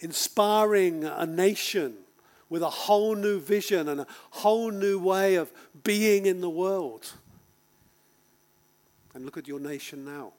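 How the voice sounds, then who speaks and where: A man preaching a sermon to a congregation, emphatic, with dramatic pauses and rhetorical questions. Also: high voice. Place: speaking to a congregation.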